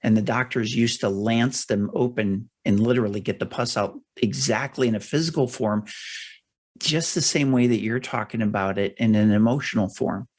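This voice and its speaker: A middle-aged man hosting an interview podcast, explaining ideas in a measured, thorough way. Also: on the low side, a little mellow. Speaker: podcast host. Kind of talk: interview conversation.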